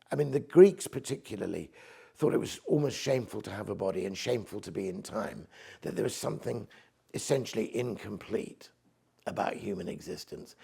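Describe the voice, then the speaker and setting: Gravelly older English man. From England. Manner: enthusiastic, nerdy about poetic meter, drops to soft low recitation for verse. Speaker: poet and priest, guest. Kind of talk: conversational interview, reciting his own poems.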